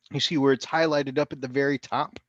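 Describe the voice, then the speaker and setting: A man co-hosting a hobby livestream in a casual chat, talkative and quick to laugh. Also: mid-range voice, dry recording, lo-fi sound. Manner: chatty, laughs often, quick asides.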